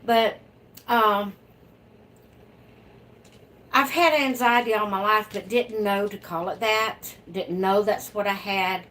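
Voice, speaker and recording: A woman's voice: medium pitch, takes it slowly, long pauses, fairly bright tone. A woman hosting her own livestream from home, chatting casually and laughing often as she reads out viewer comments. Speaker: livestream host. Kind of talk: casual live chat reading viewer comments.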